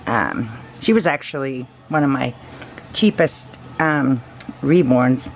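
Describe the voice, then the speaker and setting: Low-voiced woman, slow easy show-and-tell chat, laughs a lot. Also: expressive, a little hiss or hum. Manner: soft, gushing, laughs often. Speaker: reborn doll collector. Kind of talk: casual show-and-tell vlog.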